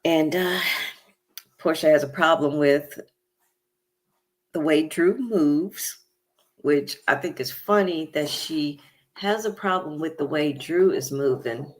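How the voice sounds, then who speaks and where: Slow, low-voiced woman recapping TV. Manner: chatty, opinionated, many fillers. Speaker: recap show host. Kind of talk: casual reality TV recap.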